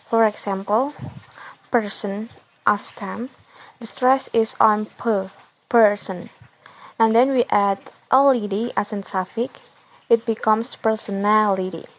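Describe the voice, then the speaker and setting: A young woman giving a student presentation, reading examples carefully in halting phrases. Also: medium pitch, low-quality recording. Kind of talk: classroom presentation.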